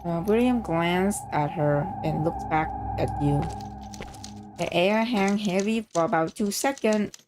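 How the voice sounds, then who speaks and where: A woman streamer reading a story game aloud, reacting excitedly and swearing freely between lines. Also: lowish voice, a little slow, over music.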